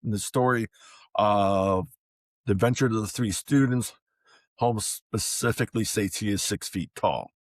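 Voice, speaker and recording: A man's voice: lowish voice, a little slow, dry recording. A man co-hosting a podcast in casual chat, reading out facts in a matter-of-fact way. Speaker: podcast co-host.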